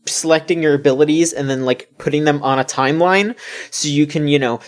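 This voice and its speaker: A man's voice: a little high, fairly quick. A man co-hosting a casual gaming podcast, ranting with heavy swearing. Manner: ranting, profane, animated. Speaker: podcast co-host.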